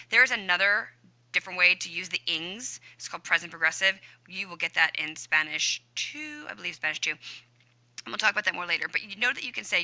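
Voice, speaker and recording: Woman, Spanish teacher, bright forceful voice, slightly low, chatty screen-share lesson. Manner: upbeat, chatty, talks to herself while typing.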